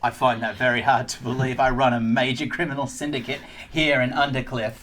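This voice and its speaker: A man's voice: mid-range voice, level tone, a little fast, fairly bright tone, a little hiss or hum, close to an everyday voice. A man playing a stern father who runs a criminal syndicate in a tabletop game. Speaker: game master.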